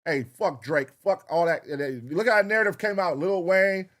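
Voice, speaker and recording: A man's voice: sits high, moderate pace, fairly bright tone. A man hosting a reaction show, talking casually and profanely straight to his viewers.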